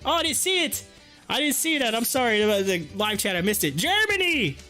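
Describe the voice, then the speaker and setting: Man, livestream host, high voice, folksy and chatty, slightly hoarse, faint music behind. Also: sing-song, brisk, bright, forceful tone. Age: adult with kids. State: hoarse, losing his voice. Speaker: livestream host reading chat. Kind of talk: casual livestream chat.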